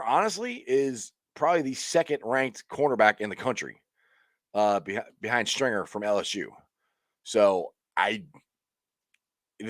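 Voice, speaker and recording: A man hosts a casual sports chat on a live stream and talks through the games in a rambling, excitable way. His pitch rises and falls a lot, and the recording is dry and close to the mic. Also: no echo. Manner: rambling and excitable, frequent restarts and laughs. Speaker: sports talk show host.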